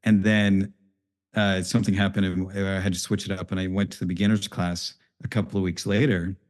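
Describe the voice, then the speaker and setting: A man's voice: low voice, little pitch movement, fairly quick. A man hosting a podcast, telling a story casually and loosely. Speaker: podcast host. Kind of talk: conversational interview.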